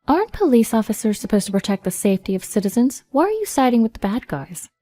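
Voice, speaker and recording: A woman narrating a first-person story in an even, measured reading voice. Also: on the high side, no echo, soft background music.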